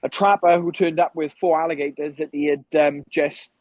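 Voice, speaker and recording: Welsh male fighter, casual storyteller, slightly higher pitch, dry close read. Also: steady tone, fairly quick, darkish tone, no echo, muffled recording. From Wales. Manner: rambling anecdotes with frequent ums. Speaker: guest, professional fighter.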